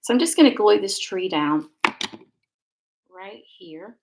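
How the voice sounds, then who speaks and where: A woman's voice: mid-range voice, expressive, a little slow, background noise. A middle-aged woman, chatting and rambling casually while she demonstrates card making on a live stream. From Georgia, USA. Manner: chatty, rambling, warm asides.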